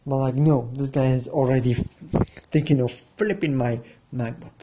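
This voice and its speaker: Male host, dark husky voice, unhurried rambling anecdote with quoted back-and-forth. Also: mid-range voice, fairly even intonation. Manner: rambling, restarts, acts out the other side of a haggle. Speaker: podcast host. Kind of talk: casual storytelling monologue.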